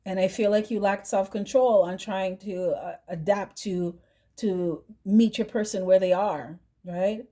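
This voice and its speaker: A woman's voice: mid-range voice, a little slow, warm tone. A woman doing a tarot reading, chatty and direct, who keeps asking "right?" and adds "mm-hmm" between thoughts. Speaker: tarot reader.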